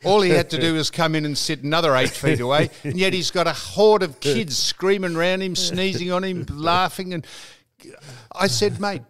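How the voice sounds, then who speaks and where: A man's voice: fairly high pitch, moderate pace, a crowd in the background. Older Australian man, teasing banter. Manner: animated, teasing, retells with quoted voices. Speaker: radio host. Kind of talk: banter and storytelling.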